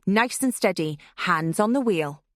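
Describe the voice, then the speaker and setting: A woman voicing a young female killer with a knife, quiet, taunting and cold in her menace. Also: mid-range voice, animated, measured pace, dry recording, studio quality, lightly acted. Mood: menacing.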